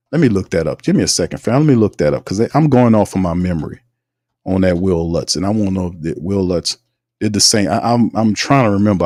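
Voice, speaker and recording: Low-voiced man hosting a sports stream. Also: no room sound, clean studio sound. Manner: animated, slangy, greets chat viewers. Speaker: host. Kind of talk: casual sports commentary livestream.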